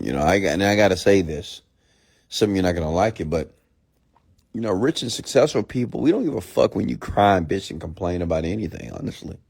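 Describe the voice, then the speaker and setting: Blunt, profane male mentor, low gravelly voice, late-night live-stream rant. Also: a little mellow. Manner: reads and answers viewer questions. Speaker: entrepreneur mentor host.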